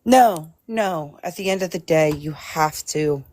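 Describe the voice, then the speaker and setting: A woman's voice: low voice, unhurried, darkish tone. A woman speaking as a guest on a casual livestream, earnest and sympathetic, often stammering and restarting her sentences. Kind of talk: casual live-stream chat.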